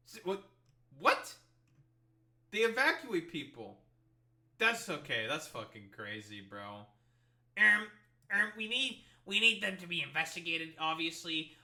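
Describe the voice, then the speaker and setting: A man's voice: on the high side, big pitch swings, a little slow, long pauses, bright, forceful tone. A young man streaming live commentary, swearing a lot and sounding sarcastic and incredulous. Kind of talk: livestream reaction commentary.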